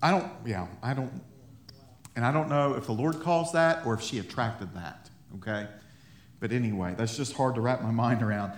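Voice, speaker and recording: A man preaching a sermon, animated and emphatic, with laughing asides and loud rising peaks. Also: medium pitch, moderate pace. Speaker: pastor. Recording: echoey room.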